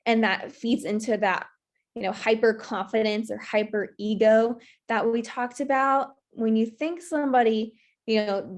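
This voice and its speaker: A woman presenting a virtual workshop, giving earnest advice with many "you know" fillers over a video call mic. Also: medium pitch.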